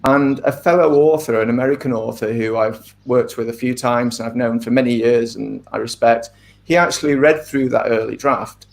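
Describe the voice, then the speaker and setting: Thoughtful man speaking in measured asides. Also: medium pitch, fairly even intonation, vocal fry. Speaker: author being interviewed. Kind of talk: casual interview talk.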